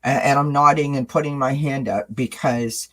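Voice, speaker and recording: A man's voice: medium pitch, fairly even intonation, normal speed, pushed and bright. A man hosting a casual video chat, candid and earnest, speaking straight to his viewers. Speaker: channel host.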